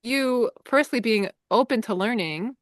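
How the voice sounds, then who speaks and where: Warm reflective woman, dry sound. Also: fairly high pitch, normal speed, dry recording. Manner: warm, affirming, reflective, with gentle hesitations. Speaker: podcast guest, healer. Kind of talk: casual conversation.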